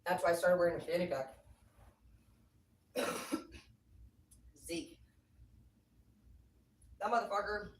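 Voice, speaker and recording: A woman's voice: fairly low pitch, a little mellow. A woman livestreaming casual chat, rambling and cursing freely with lots of filler words. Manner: rambling, profane, filler-heavy talk. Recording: echoey room, far from mic, faint noise.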